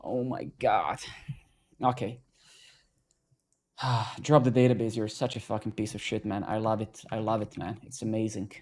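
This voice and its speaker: A man streaming live coding from his home desk, talking casually and profanely to chat, quick and excitable with lots of "man" and "bro". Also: lowish voice. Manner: profane, ranting and joking with chat.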